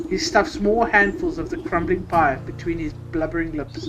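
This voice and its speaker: A woman's voice: lowish voice, normal speed, hardly any pauses, noisy background. A woman streamer reading game text aloud in a playful way, with amused asides. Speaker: gameplay streamer. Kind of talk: reading game dialogue aloud while playing.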